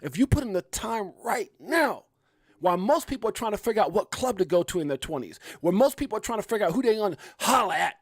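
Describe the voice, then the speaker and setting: A middle-aged man hosting a crypto live stream, preaching hard work in fired-up, slangy talk with loud whoops. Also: high-pitched, sing-song, quick pace, dry recording, studio quality.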